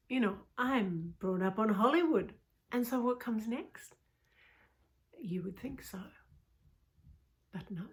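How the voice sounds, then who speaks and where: A woman in middle age tells a personal story with a coach's openness. Her voice sits in an ordinary middle range, and she often sinks into an intimate whisper. Casual "you know" asides run through her telling. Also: medium pitch.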